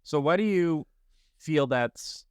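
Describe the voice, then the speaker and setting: A man's voice: a little high, animated, takes it slowly, smooth, no room sound, studio quality. A man hosting a podcast, listening with short affirmations and asking follow-up questions. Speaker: podcast host. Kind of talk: podcast conversation.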